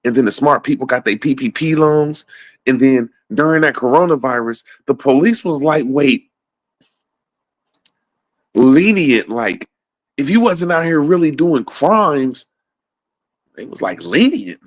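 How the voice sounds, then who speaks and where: A man's voice: fairly high pitch, big pitch swings, normal speed, no room sound. A man ranting casually about politics, swearing a lot and laughing often between points. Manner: profane, rambling, laughs often.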